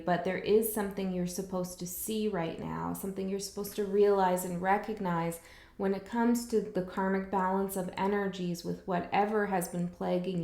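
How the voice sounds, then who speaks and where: Woman tarot reader, mid-pitch, reflective rambling delivery in a roomy space. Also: a little mellow. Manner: rambling, reflective, many fillers and restarts. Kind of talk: casual spiritual monologue.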